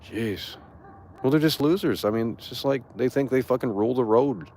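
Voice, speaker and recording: A man's voice: mid-range voice, normal speed, darkish tone, a little hiss or hum. A young man streamer ranting to his chat in a rambling, profane, indignant way. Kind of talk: casual rant to chat.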